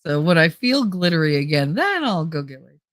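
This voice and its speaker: A woman's voice: low-pitched, big pitch swings, fairly quick, dry recording. A woman with a New Jersey accent chatting casually on a livestream, rambling and laughing often, a little nasal from a stuffy nose. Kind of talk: casual chat.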